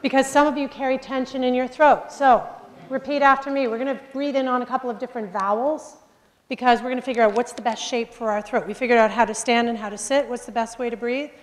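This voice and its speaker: A woman's voice: on the high side, steady tone, quick pace. A young adult woman coaching speakers through breathing and counting drills in an upbeat instructional lesson.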